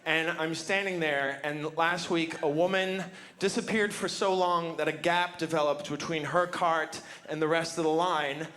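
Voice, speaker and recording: A stand-up comedian on a club stage, delivering sarcastic, mock-indignant rants into a handheld mic. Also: male voice, a little high, steady tone, a little slow, hardly any pauses, sharp tone, clean tone. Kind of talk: stand-up set.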